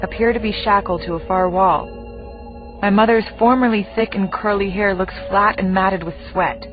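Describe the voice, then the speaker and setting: A woman's voice: medium pitch, muffled recording. A woman narrating a first-person audiobook in a vivid, dramatic way.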